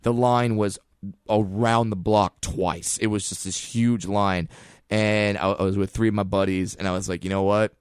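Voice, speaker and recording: A man with a lowish, clean-toned voice spins funny stories at a moderate pace, acting out the voices of the people he quotes. The studio recording is clean, with no room sound.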